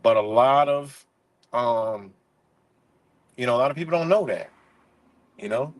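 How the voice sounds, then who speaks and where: A livestream host rants heatedly and profanely in casual commentary, dropping "you know" between points again and again. His medium-pitched voice is animated but a little slow, and the recording quality is low.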